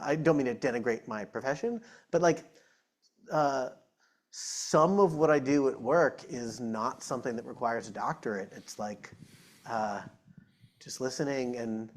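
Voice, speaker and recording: A man, a psychologist and author, answering audience questions at a live talk in a chatty, self-deprecating way. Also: mid-range voice. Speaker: author and psychologist being interviewed. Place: event room with live audience. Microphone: shared microphone.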